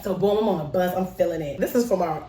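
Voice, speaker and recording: A woman's voice: lowish voice, quick pace, roomy sound, recorded from a distance, a little hiss or hum. Playful woman telling stories. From Chicago, South Side. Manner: playful, lively, acts out voices and laughs often. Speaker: show creator telling a childhood story. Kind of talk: personal storytelling to camera.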